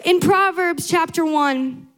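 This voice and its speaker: Earnest high-voiced young woman preaching. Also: slow, fairly bright tone. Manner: earnest, emphatic repetition. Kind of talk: sermon.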